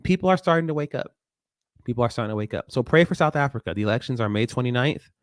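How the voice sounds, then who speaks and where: A man hosting a live forum, speaking in an animated, unscripted way and quoting others in a raised voice. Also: mid-range voice, quick pace, no echo, studio quality. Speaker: forum host. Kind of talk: live commentary talk.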